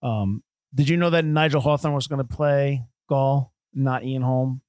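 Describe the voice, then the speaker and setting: A man co-hosting a film podcast, talking in a quick, animated, rambling way with frequent restarts. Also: mid-range voice, clear, resonant tone, no room sound, clean studio sound. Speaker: podcast co-host. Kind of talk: casual chat.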